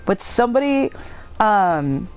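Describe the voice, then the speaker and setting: A woman's voice: mid-range voice, very animated, takes it slowly, darkish tone, poor audio. A young woman hosting a gaming stream in casual chat, giggling as she tells funny family stories. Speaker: gaming channel host. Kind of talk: casual chat over a game. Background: game music.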